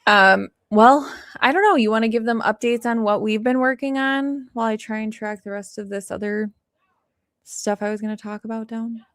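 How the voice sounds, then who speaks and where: Woman, livestream host, chatty and quick to laugh, dry close sound. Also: fairly high pitch, fairly bright tone, dry recording. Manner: chatty, laughs often, reads chat aloud. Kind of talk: casual livestream chat.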